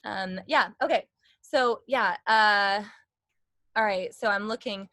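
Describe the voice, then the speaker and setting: A young woman giving a casual singing lesson, excited and rambling, with sung demonstrations. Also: medium pitch, slow, no echo. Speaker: singing teacher.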